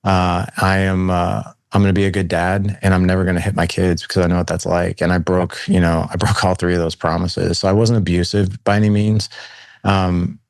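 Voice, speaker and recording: A man's voice: low voice, flat delivery, a little fast, creaky, no room sound, studio quality. A man in his forties, a podcast guest telling his life story in a casual way, using "man" and "like" often. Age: 40s. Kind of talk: storytelling in conversation. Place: Saint Louis.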